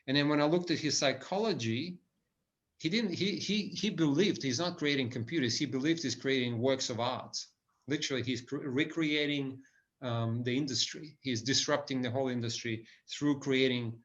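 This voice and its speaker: A man's voice: medium pitch, moderate pace, fairly bright tone. Man lecturing business leaders, lo-fi. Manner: enthusiastic, frequent restarts and "right?" tags. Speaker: business speaker.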